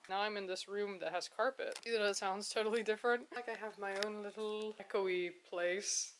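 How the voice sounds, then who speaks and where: A woman's voice: mid-range voice, fairly even intonation, fairly quick, few pauses, slight background noise. A woman narrating a casual crafting vlog at home, chatty and self-mocking, often breaking into laughter. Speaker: crafting vlogger. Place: home apartment.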